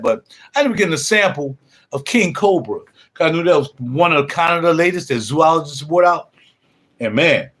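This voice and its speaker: An older man talks in a relaxed, rambling way on a livestream, full of casual slang. His pitch sits at an ordinary middle level for a man. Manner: laid-back, rambling, slangy. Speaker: livestream host. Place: home music room.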